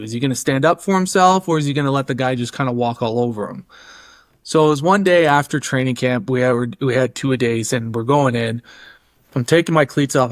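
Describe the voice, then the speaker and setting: A man's voice: mid-range voice, dry recording, clean studio sound. A man as a podcast guest, telling a story in a casual way, acting out the voices of others and using many fillers. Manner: animated, acts out quoted voices, many fillers.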